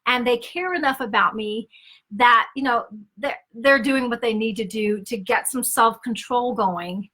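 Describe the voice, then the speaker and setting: A woman's voice: on the high side, measured pace, pushed and bright. A woman giving a conversational teaching talk on relationships, emphatic and direct, often checking in with "okay?" and acting out quoted lines. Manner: acts out quoted dialogue with shifts in tone. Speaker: Christian speaker and author.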